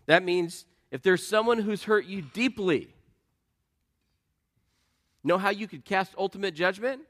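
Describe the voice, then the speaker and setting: A middle-aged male pastor delivers his sermon in an earnest, conversational manner. His voice sits a little higher than most men's. He moves easily between rhetorical questions and personal stories. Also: lively intonation, a little slow, pauses often, fairly bright tone.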